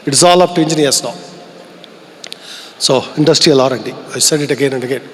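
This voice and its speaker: Delivering a keynote in a large conference hall, a middle-aged Indian man speaks Indian English in an earnest, reflective way and poses rhetorical questions to the audience. His medium-pitched voice moves fairly quickly, with long hall reverb and a little hiss or hum in the recording.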